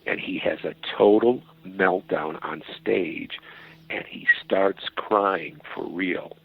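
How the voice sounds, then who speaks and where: A man telling an anecdote as a podcast guest, animated and profane and acting out voices. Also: low-pitched, slow pace, vocal fry, slightly rough. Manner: animated, profane storyteller who acts out voices. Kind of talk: storytelling anecdote. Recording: dull, dry lo-fi.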